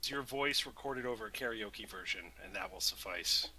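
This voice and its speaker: A man playing a tabletop game over voice chat, joking and halting, worn out late at night. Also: medium pitch, a crowd in the background, poor audio. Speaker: player. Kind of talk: casual voice chat.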